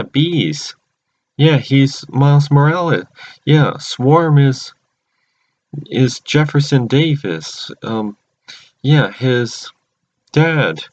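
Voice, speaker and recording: A man casually recapping a cartoon episode, rambling with many restarts. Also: medium pitch. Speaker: channel host. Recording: dull lo-fi recording.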